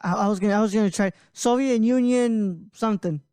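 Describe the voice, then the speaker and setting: A man's voice: high-pitched, a little fast, dark tone, clear, resonant tone, no echo. A man hosting a casual podcast, rambling with frequent laughs and restarts. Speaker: podcast host.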